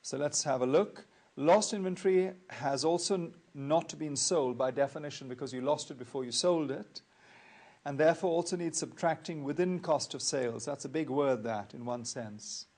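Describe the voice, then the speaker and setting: A man's voice: a little high, a little mellow. Methodical male accounting tutor. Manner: measured, methodical, repeats key points. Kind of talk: recorded lecture.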